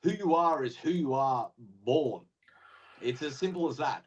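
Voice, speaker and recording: A man's voice: on the high side, expressive, unhurried, breathy edge. A man with a slightly raised voice, heard through dull, lo-fi remote audio. He stammers to get started, then states his views bluntly and firmly. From Australia. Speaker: panelist. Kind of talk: casual panel chat.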